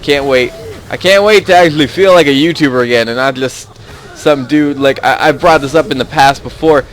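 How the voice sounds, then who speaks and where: Young male gaming YouTuber, scattered chatty commentary over gameplay, average pitch, faint background noise. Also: a little fast. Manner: rambling, easily sidetracked, chuckling often.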